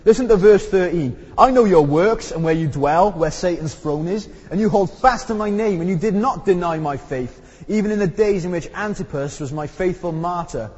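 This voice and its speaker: A man's voice: moderate pace, hardly any pauses, darkish tone, slightly rough. A man preaching a conversational, emphatic sermon, his throat sore. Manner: conversational, emphatic preaching with rising pitch on key points. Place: church hall. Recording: dull recording with long hall reverb.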